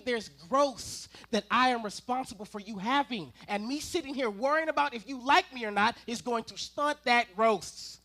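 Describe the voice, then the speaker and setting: A man preaching to a congregation in a high, bright voice. He spins humorous family stories and turns often to his listeners with playful asides. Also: animated, moderate pace. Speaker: ministerial intern preaching. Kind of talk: sermon with personal storytelling. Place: church service before a congregation.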